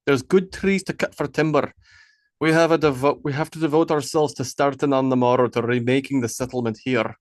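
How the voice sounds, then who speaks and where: A man voicing a gruff, commanding Viking war leader with firm, slightly archaic speech in an audiobook. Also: medium pitch, steady tone, a little fast, no room sound, clean studio sound, lightly acted. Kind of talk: audiobook character voice.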